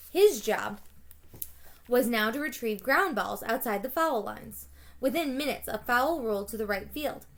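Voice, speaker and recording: A woman teacher reading a children's chapter book aloud to her students in a plain storytelling way, sometimes stopping to correct a slipped word. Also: fairly high pitch. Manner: plain storybook reading with small self-corrections, livelier on shouted quotes.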